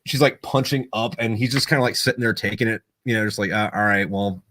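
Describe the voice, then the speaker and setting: A man's voice: mid-range voice, fairly even intonation, quick pace, a bit bright, a little hiss or hum. A man who served as a Marine, telling a long story in a casual, profane way, rambling and full of fillers. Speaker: Marine veteran.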